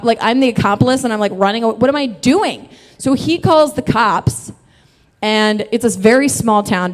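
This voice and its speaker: Woman storyteller, mid pitch, loose and giggly, cusses, live hall reverb. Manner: chatty, laughs often, swears freely.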